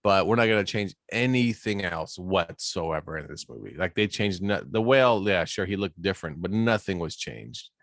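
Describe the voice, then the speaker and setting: A man's voice: sits low, animated, normal speed, few pauses, fairly bright tone, no room sound, clean studio sound. A man co-hosting a podcast, chatting casually and swearing, with frequent restarts. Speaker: podcast co-host. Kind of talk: casual chat.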